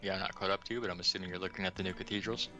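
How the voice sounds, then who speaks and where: A man's voice: sits low, steady tone, very fast, bright, forceful tone, muffled recording, faint music behind. A man speaking as an interview guest, modest and rambling with plenty of fillers. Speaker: guest asset creator. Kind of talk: casual interview chat.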